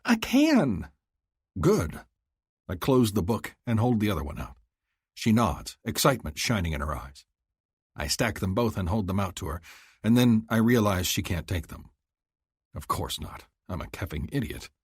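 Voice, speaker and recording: A male audiobook narrator with a slightly husky, lower voice that moves with lively rises and falls. He tells a romance in first person, recorded dry and close in a booth. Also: moderate pace, no echo.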